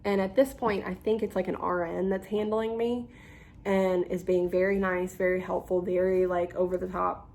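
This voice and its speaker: Young woman, lowish voice, chatty storyteller who acts out quotes. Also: moderate pace, vocal fry, slight background noise. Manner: animated, acts out quoted people, frequent ums. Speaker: YouTuber. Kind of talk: casual storytime.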